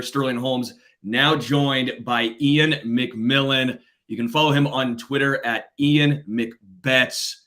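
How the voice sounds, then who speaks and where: A man's voice: mid-range voice, sharp tone. A man hosting a sports podcast, talking in a playful, teasing way. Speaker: podcast host. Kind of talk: casual podcast chat.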